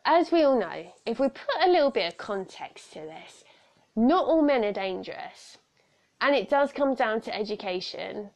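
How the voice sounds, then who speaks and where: A young woman hosts her podcast alone from home, talking frankly and earnestly with plenty of asides. Her voice sits a little high with a clear gravelly fry. Recorded close on a podcast microphone. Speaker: podcast host. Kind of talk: casual solo podcast talk on personal safety. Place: room at home.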